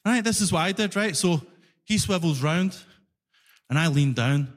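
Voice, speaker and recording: A man's voice: on the high side, moderate pace. A Scottish man with a Glaswegian accent performing a stand-up set, telling a story with lots of acted-out voices on a concert hall stage. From Scotland. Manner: animated storytelling, acting out both sides. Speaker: stand-up comedian. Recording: live hall reverb.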